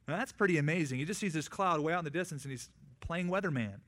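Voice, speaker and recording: A man preaching a sermon who tells the story vividly, swinging between loud, raised lines and quiet, hushed ones. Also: a little high, fast, hardly any pauses. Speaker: pastor.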